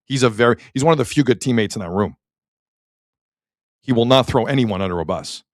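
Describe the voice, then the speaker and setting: A man with a Canadian accent hosting a sports talk show, opinionated and animated, reacting to chat comments. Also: medium pitch, a little fast, dry recording, studio quality. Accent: Canadian English.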